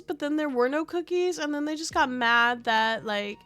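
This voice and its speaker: A woman chats casually on stream, rambling and animated through her story with lots of fillers. Her voice sits high, and soft music plays faintly behind her mic. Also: normal speed, few pauses.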